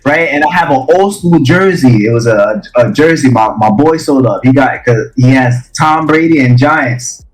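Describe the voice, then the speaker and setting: A man's voice: medium pitch, normal speed, hardly any pauses, faint music behind, low-quality recording. Laid-back man rambling through a story. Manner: relaxed storyteller, many fillers and swearing. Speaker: podcast co-host or guest. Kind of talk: casual chat.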